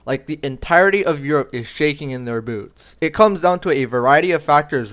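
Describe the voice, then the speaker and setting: A man's voice: a little high, expressive, moderate pace, few pauses. A young man hosting a football video, talking in a chatty, opinionated way with joking asides. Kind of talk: casual scripted commentary. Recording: music playing under the voice.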